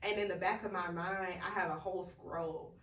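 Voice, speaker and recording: A woman's voice: lowish voice, fairly even intonation, moderate pace, fairly bright tone, a little hiss or hum. A woman co-hosting a podcast in casual, emphatic, slangy chat. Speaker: podcast co-host. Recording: roomy, distant from mic.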